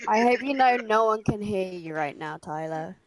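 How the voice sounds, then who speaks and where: A woman's voice: mid-range voice, lively intonation, normal speed, a crowd in the background, poor audio. A woman chatting casually over a voice call while gaming, blunt and teasing.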